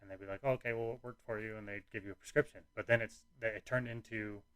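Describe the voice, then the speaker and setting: A young man with a somewhat low voice talks through his own story in a loose, rambling way, slipping into quoted lines of other people as he goes. The sound is close and dry, with no room around it. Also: fairly even intonation, fast, fairly bright tone, no echo. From United States. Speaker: podcast host telling his own story. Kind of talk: candid personal storytelling.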